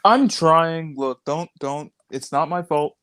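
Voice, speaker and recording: A man's voice: fairly high pitch, slow, fairly bright tone, clean tone, no room sound. A man co-hosting a casual live stream chat, joking and playfully defensive, speaking through a phone connection. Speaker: co-host. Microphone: phone on mobile data.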